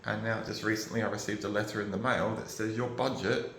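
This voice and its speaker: A man's voice: on the low side, steady tone, brisk, a bit bright, a little hiss or hum. An Australian man vlogging from home, rambling in a frustrated, emotional way and swearing now and then. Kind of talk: rambling personal vlog. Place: at home, indoors. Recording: roomy echo, faint ambience.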